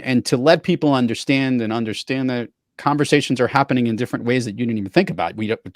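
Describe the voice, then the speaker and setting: A man hosting a podcast in casual chat and telling anecdotes in a lively way. He is a professional speaker. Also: medium pitch, no room sound, studio quality. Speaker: podcast host.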